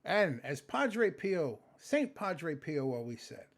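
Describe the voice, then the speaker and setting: A man's voice: a little high, moderate pace, hardly any pauses. Worn-out, cursing man vlogging late at night. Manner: profane, animated, rambling. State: exhausted, sleepy. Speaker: vlogger, customer service phone agent. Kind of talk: casual late-night vlog chat.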